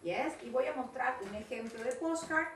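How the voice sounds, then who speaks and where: Animated, high-voiced woman teaching English. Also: a little fast. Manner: animated, coaxing, repeats words. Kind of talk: online class, mixing English and Spanish. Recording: echoey room, mic at a distance, faint noise.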